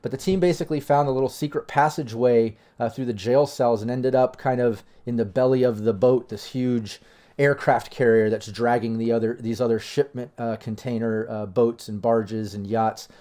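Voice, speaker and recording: Brief: male game master, loose casual narration, mid pitch. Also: fairly even intonation, moderate pace, mellow. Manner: casual, filler-heavy narration.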